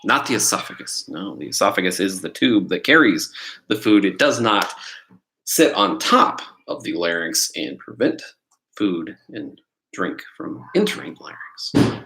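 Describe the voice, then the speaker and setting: In a live-stream quiz lesson, a middle-aged test prep instructor rambles casually and keeps firing questions at viewers. His low voice is expressive, bright, and forceful, at a measured pace. Captured on a computer mic, the low-quality recording carries a little hiss or hum.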